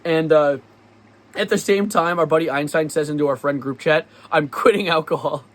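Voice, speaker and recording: A young man vlogging, telling a story in a lively, sarcastic way and often laughing. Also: on the high side, normal speed. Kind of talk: casual storytelling vlog.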